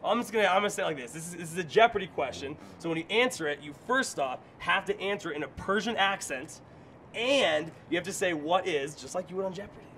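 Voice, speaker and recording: A man's voice: sits high, lively intonation, fast talker, sharp tone, a little hiss or hum. A man hosting a playful game show, joking and teasing his guest. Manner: jokey, teasing, hypes up the win.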